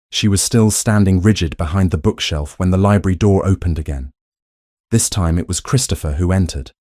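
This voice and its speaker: A man reading a romance story aloud in a measured, even storytelling voice. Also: deep voice, no echo, studio quality. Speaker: narrator. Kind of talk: scripted audiobook narration.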